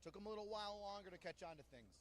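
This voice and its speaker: A man's voice: high-pitched, racing. A man who is a drill sergeant, telling stories in an interview and acting out the people he quotes. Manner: animated storyteller who acts out quotes loudly. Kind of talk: interview storytelling.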